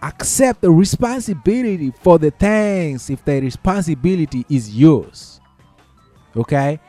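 Male commentator, casual advice talk, a bit high, repeats himself, dry sound with faint music. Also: expressive, unhurried, mellow, no room sound. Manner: repeats points, checks in with the listener; conversational, uses y'all and folks.

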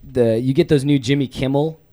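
A man's voice: mid-range voice, a little fast, mellow. A young man co-hosting a casual chat, joking and laughing through his stories.

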